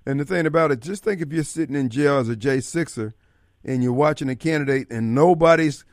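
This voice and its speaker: A man with a slightly high voice hosts talk radio in an animated, preachy way. He jumps from loud outbursts to low muttering, and the studio sound is dry and close. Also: brisk, no room sound. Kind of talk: casual political talk radio chat.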